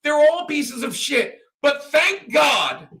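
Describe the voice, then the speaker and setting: A man's voice: extremely high pitch, very animated, takes it slowly, pushed and bright. Foul-mouthed ranting male streamer. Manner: crude, rambling, laughs often. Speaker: livestream host. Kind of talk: profane livestream rant and chat.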